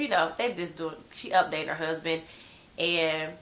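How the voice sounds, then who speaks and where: A woman's voice: low voice, moderate pace, fairly bright tone. Stuffy-nosed woman gossiping casually. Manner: gossipy, blunt, slangy. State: stuffy head cold. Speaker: TV show reviewer. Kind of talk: casual chatty recap.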